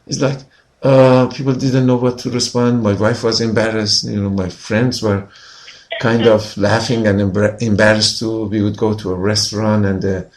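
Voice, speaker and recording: Lower-voiced man telling his story. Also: level tone, normal speed. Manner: earnest, frequent "you know" fillers. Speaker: healer interviewed as guest. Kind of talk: personal storytelling in conversation.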